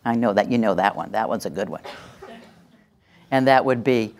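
A woman's voice: extremely low pitch, normal speed, vocal fry, long pauses, a little mellow, slight background noise. A woman presenting a workshop to a live audience, acting out example phrases and having the audience repeat them back. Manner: leads call-and-response, acts out example phrases.

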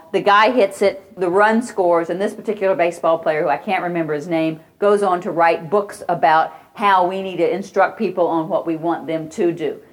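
A woman giving a parenting lecture, telling anecdotes and acting out children's cries and voices along the way. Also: fairly low pitch. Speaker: parenting educator.

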